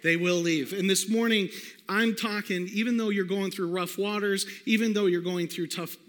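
A man preaching a sermon, telling a personal story in an animated way and calling out to the congregation. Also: high voice, normal speed. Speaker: pastor. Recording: long hall reverb.

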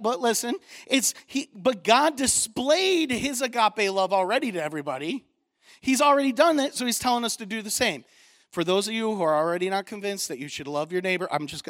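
A man preaching a sermon as pastor, animated and building in intensity on key points, with casual asides to the congregation. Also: high-pitched.

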